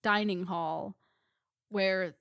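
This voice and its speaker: A woman's voice: medium pitch, fairly even intonation, creaky, fairly bright tone, clean tone, dry recording, studio quality. A woman co-hosting a podcast, casually recapping a book chapter and acting out bits of dialogue with little laughs. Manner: chatty recap with quick acted-out quotes and laughs. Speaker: podcast co-host.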